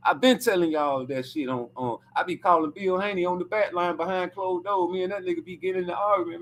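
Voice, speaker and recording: A man hosting a casual stream, ranting in a profane, animated and taunting way. His voice sits high for a man. A faint hum runs behind him. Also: quick pace, hardly any pauses.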